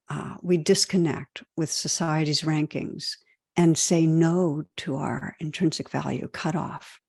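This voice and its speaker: Gentle, slightly gravelly woman teaching meditation. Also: low voice, no echo, studio quality. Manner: gentle and reflective, with frequent "you know" and soft restarts. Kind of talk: dharma talk.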